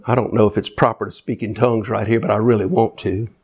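A man preaching a sermon in a folksy way, building to high, excited shouts. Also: fast, breathy edge.

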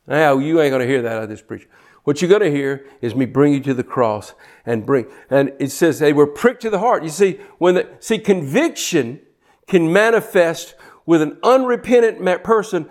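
A man's voice: on the high side, expressive, normal speed, darkish tone. A man preaching a fervent sermon who pushes hard, stumbles and restarts, and drives his points home through repetition.

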